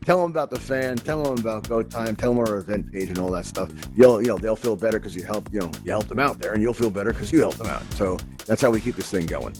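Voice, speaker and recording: A man's voice: fairly low pitch, fast, few pauses, music in the background. A man hosting a live virtual-reality tutorial, explaining steps in an upbeat, jokey way. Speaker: host and instructor.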